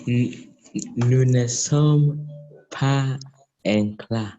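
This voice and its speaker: A man's voice: medium pitch, extremely slow, warm tone, faint music behind. A man, a student, carefully answering a French exercise in an online class. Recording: muffled call with faint noise.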